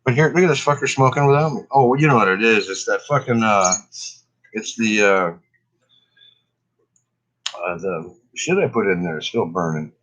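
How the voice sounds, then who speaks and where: A man's voice: lowish voice, moderate pace, pauses often, fairly bright tone, poor audio. A stoned man, coughing often, rambling in a laid-back, profane way during a casual cannabis vlog session. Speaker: cannabis vlogger. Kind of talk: casual smoking session chat.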